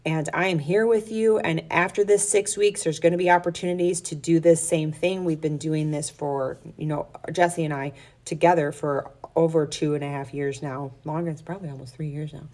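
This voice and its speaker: Woman coach doing a heartfelt encouraging vlog chat, slightly low voice. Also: steady tone, moderate pace, a little mellow. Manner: earnest, encouraging, emotional. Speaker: fitness coach. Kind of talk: casual vlog pep talk. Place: her workplace on an off day.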